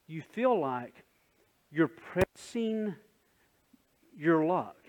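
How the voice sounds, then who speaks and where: A male pastor delivers a sermon in an easy, conversational way, asking the congregation questions and acting out little scenes. His voice sits a bit high. The recording is dull and lo-fi, with a long reverb tail from the sanctuary. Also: darkish tone.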